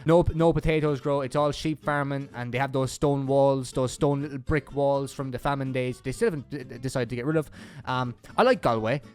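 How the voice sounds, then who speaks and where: A man's voice: mid-range voice, a little fast, a little mellow. A young Irish man rambling through casual reaction commentary with crude joking asides. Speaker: YouTuber.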